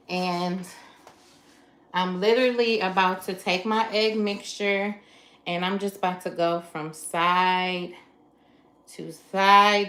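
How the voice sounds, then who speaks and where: A woman's voice: lowish voice, fairly bright tone. A woman hosting a live cook-along from her home kitchen, chatting with viewers and talking through each step. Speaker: livestream cooking host. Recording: roomy kitchen echo. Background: clatter of dishes and pans.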